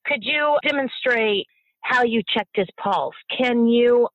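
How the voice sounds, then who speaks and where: A middle-aged bereaved mother, a guest in an emotional interview, speaking passionately and haltingly, repeating herself, at times near tears. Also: on the high side, dry recording, muffled recording.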